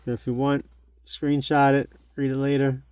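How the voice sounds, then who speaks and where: A middle-aged man who hosts a collectibles channel shows off an old magazine at home, narrating in a chatty, nostalgic way and thinking aloud. His medium-pitched voice is level, moderately paced, darkish and smooth, on a dry recording.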